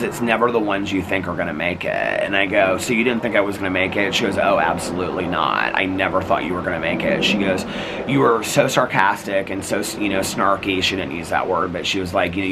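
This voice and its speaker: Telling a personal story to camera, this middle-aged American vlogger keeps it chatty, full of "like" and "you know," and plays out the quoted exchanges. His voice sits low, with background noise behind it.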